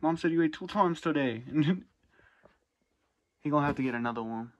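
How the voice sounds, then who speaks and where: A man chatting casually to his viewers in a vlog, loose and relaxed with slang. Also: a little high, moderate pace, low-quality recording. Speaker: vlogger.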